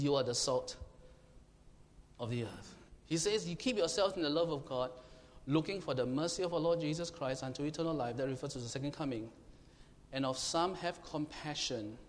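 Emphatic male preacher in an echoing hall. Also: medium pitch. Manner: emphatic, questions the congregation, shouts to illustrate. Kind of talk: sermon. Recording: long hall reverb, faint room noise.

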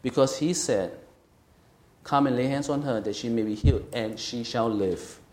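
A middle-aged man delivers a sermon with an emphatic, conversational manner, often pausing to check that his listeners follow. His voice sits at an ordinary middle pitch. The room around him is echoey, like a church hall. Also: a little mellow. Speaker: pastor.

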